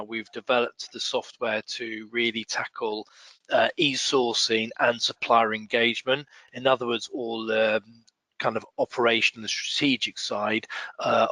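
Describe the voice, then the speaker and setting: A man being interviewed on a podcast, talking in a relaxed, casual way with fillers. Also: mid-range voice, dry recording. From United Kingdom. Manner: relaxed, with fillers and light laughs. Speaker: guest, software company co-founder.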